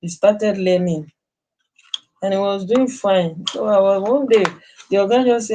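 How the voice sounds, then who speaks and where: A woman's voice: mid-range voice, unhurried, long pauses, mellow. A middle-aged woman with a Nigerian accent, a nurse telling her life story in an earnest, emphatic, conversational way. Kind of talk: personal storytelling.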